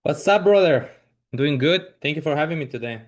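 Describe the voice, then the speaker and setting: A comedian from southern Chile, a native Spanish speaker, chats loosely in English as a guest on a podcast, with a Chilean accent. He's easygoing, informal and quick to laugh, speaking at normal speed with lively intonation in a voice on the high side.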